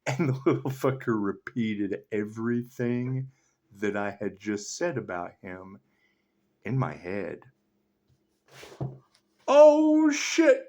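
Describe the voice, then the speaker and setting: A man giving a rambling spiritual monologue as a tarot reader, swearing constantly, laughing often and swinging between loud outbursts and low mutters. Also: very animated, slow, long pauses.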